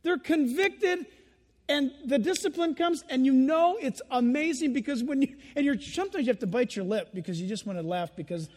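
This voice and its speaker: A man preaching a sermon in an animated way, acting out the voices of children and laughing as he goes. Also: very high-pitched, moderate pace, in a large hall. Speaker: pastor.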